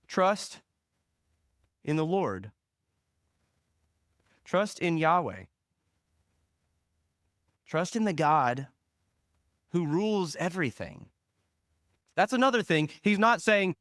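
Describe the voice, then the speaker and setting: A man preaching a sermon as pastor, leaning hard on single words and letting phrase ends fall soft and low. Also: animated, dry recording, studio quality. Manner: slow, emphatic stress on single words.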